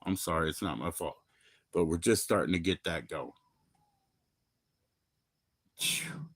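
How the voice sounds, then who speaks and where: A man from Maryland, in middle age, hosting a rambling, profane livestream chat that swings from loud bursts to low mumbles. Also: a little fast, breathy edge, no room sound, studio quality. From Maryland, USA. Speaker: livestream host.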